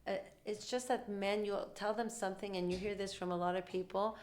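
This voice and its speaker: A woman hosting a podcast, talking quickly and animatedly in casual conversational storytelling and acting out what other people said. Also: mid-range voice. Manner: rapid, animated talk, acting out quoted dialogue. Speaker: podcast host; mother.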